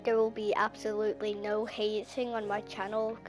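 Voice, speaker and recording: A woman with an Irish accent giving rambling, chatty gameplay commentary that bursts into excited squeals. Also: mid-range voice, moderate pace, music in the background. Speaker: gaming channel host.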